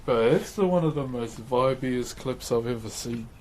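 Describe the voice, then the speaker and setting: A man's voice: mid-range voice, normal speed, a little mellow, slight background noise. A man with a New Zealand accent chatting casually on a livestream while woodcarving, laid-back and laughing often as he greets his chat.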